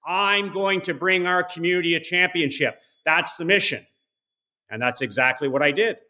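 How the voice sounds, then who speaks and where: A man's voice: a little high, normal speed, sharp tone. A man in his forties, a podcast guest telling motivational stories in a blunt, emphatic way, swearing freely. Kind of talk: motivational storytelling.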